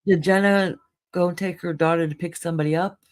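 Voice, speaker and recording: Teasing woman with a lowish voice. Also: steady tone, no room sound. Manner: teasing, quick to laugh. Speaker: livestream co-host. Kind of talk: casual chat.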